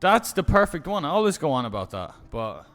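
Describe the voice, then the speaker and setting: A man's voice: fairly high pitch, very animated, fairly quick, a bit bright. A man commentating his own online poker game on a live stream, muttering and swearing in exasperation.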